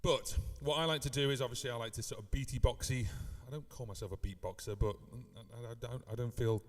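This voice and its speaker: A man's voice: medium pitch, fast, long reverb tail. A man from the UK teaching live looping in a casual live stream, rambling with many fillers and beatboxing now and then. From United Kingdom.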